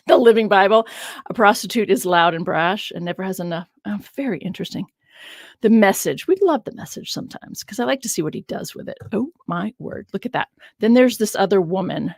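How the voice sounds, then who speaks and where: A woman's voice: medium pitch, expressive, fairly quick, no room sound. Musing woman scholar on a dry livestream. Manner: musing aloud, laughing often, stresses words. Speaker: biblical scholar hosting a livestream. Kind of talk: casual livestream teaching.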